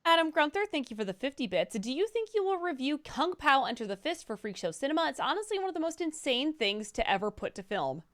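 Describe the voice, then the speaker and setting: A woman with a high, bouncy voice reads out viewer donations on a live stream. She is brisk and upbeat and sometimes trips over hard names. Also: very animated, fairly bright tone. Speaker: co-host reading viewer donations. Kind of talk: reading out chat messages on a live stream.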